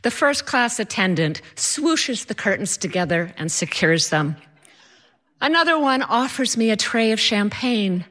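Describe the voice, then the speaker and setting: A woman's voice: fairly high pitch, animated, a little slow, fairly bright tone. A woman telling a personal story to an audience, wry, self-deprecating and dramatic.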